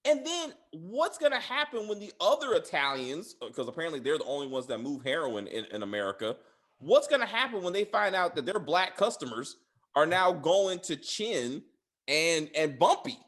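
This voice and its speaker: A man's voice: sing-song, moderate pace. A man casually chatting as a podcast host, rambling with many fillers and restarts. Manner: laughs loudly and high. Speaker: podcast host reviewing a TV series. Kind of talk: casual chat.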